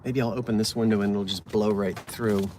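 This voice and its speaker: A man's voice: fairly low pitch, fairly even intonation, fairly quick, noisy background. A man chatting casually and reading out corny jokes, poking fun at himself and tripping over words. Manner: chatty, self-mocking, stumbles over words. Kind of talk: casual chat from a parked car. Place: inside a car.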